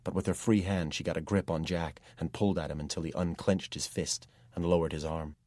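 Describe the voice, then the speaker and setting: A man reading a dark fantasy audiobook in steady, measured first-person narration, recorded on a close microphone. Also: deep voice, dry recording.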